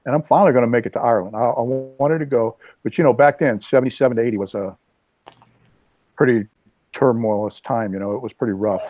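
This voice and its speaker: A man in his sixties hosting a casual video chat, telling rambling stories with lively asides. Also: medium pitch, fast, dry recording. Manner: rambling storyteller, animated asides. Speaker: host. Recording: dull lo-fi dry sound.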